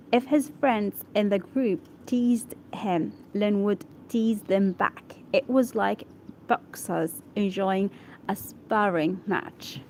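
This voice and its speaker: A woman whose first language is Arabic reads an English article aloud for practice, halting and correcting herself as she checks how words are pronounced. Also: mid-range voice, darkish tone, slight background noise, rough recording. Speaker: English learner.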